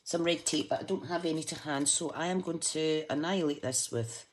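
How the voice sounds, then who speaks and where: With a deep voice and a brisk delivery, plus a little hiss or hum in the recording, a Scottish woman chats to live viewers while demonstrating a craft. She's talkative and self-mocking, joking about herself as she works.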